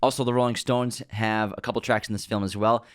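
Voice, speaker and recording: A man co-hosting a casual film podcast, enthusiastically running through background facts in quick lists. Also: fairly low pitch, fairly even intonation, no room sound, studio quality. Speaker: podcast co-host.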